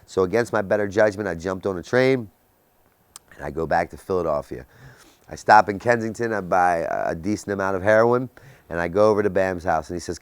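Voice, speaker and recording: A man in his thirties giving an intense personal testimony about his recovery, with sudden dramatic drops to a quiet voice. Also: low voice, animated, fairly quick, clear, resonant tone, no room sound. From Baltimore area, US. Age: 30s. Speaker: recovery speaker.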